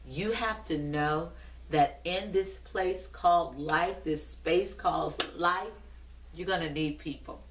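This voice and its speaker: A woman's voice: fairly low pitch, slow pace, background noise. A woman hosting a motivational show, giving a preachy, rhythmic pep talk to the viewers. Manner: preachy, repetitive, rhythmic exhortation. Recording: roomy echo, distant from mic.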